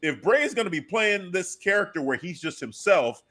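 Animated man recapping wrestling excitedly. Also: sits high, normal speed. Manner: excited, animated retelling with acted-out reactions. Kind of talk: casual wrestling podcast chat.

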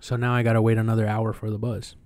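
A young man, a podcast co-host, telling a personal story in a profane, animated way. His voice is smooth and clear, held fairly level in pitch, and the sound is dry and close to the mic. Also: fast talker, no room sound. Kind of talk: casual storytelling chat.

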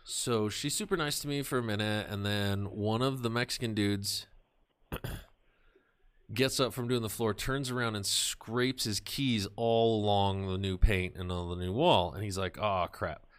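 Dude on a podcast telling a story, swears a lot, does the voices, lowish voice. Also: male voice, normal speed, smooth. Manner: profane, animated storyteller who acts out voices. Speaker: podcast talker. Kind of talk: casual podcast chat.

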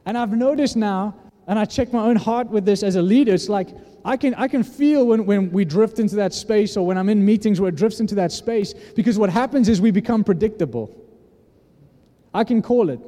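A man's voice: high voice, brisk, dark tone. Guy preaching a sermon, talks earnest and casual, big hall echo. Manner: earnest, conversational preaching with frequent restarts. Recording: long hall reverb.

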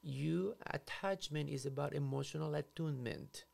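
Gravelly latino guy, therapist, animated, acts out little scenes. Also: on the high side, moderate pace. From Latin America. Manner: animated, acts out scenarios in quoted voices. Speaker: psychotherapist. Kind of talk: explanatory conversation.

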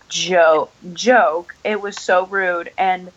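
A young woman recounts something quickly, with an indignant edge. Her voice sits at an ordinary middle pitch. The recording sounds slightly dull and muffled. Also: animated, a bit bright. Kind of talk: casual chat.

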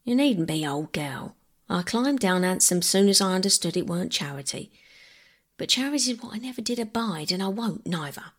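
Lady putting on gruff proud old workman, blunt rough dialect, breathy. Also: medium pitch, animated, moderate pace. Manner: blunt, dialect-heavy speech. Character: proud, gruff working-class man, older.

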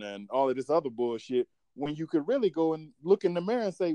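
A man's voice: a little high, big pitch swings, fast, hardly any pauses, mellow, no echo. A man in his thirties co-hosting a casual chat, frank and profane, acting out mock quotes as he makes his points. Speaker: podcast co-host.

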